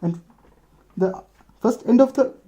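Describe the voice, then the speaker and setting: Halting man explaining a bandage. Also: sits high, dark tone. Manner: halting, restarts sentences often. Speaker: medical student demonstrating first aid. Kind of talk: unscripted explanation.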